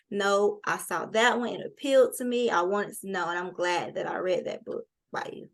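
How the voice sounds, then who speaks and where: A woman hosting a casual interview, talking in quick animated bursts with colloquial speech. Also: mid-range voice. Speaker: interview host.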